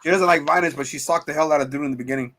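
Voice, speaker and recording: A man's voice: on the high side, very fast, fairly bright tone. A man co-hosting a casual movie review chat, rambling through the plot with acted-out quotes and lots of swearing. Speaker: podcast co-host.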